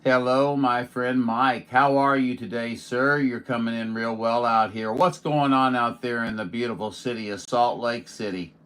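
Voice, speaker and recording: A man's voice: medium pitch, fairly even intonation, normal speed, few pauses, a bit bright, a little hiss or hum. A man from Missouri, a radio operator chatting in a casual, folksy, joking way with other stations. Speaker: radio operator streaming contacts. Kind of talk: casual ham radio chat.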